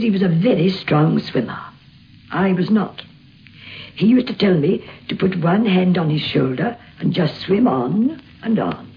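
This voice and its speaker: A woman telling memories of a friend in an old archival interview, in a gentle storytelling manner. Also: lowish voice, creaky. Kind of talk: archival reminiscence. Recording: dull lo-fi archive recording with faint background hiss.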